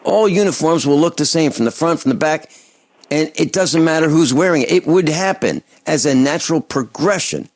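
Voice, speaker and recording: A man hosting a call-in radio talk show, delivering an impassioned, indignant rant that swings between loud outbursts and low muttering. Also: vocal fry, dry recording.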